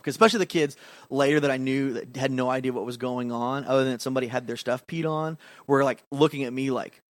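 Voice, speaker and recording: Male podcast co-host, lively storyteller, dry close-miked sound. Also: medium pitch, quick pace, dry recording. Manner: animated, acts out quotes, laughs often. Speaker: podcast co-host, youth pastor. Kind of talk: casual storytelling chat.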